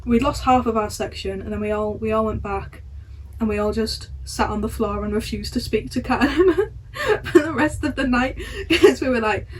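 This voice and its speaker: A young woman, chatting on a podcast as co-host and telling stories with animated, sweary acted-out quotes. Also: a little high, moderate pace, slight background noise. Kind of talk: casual chat.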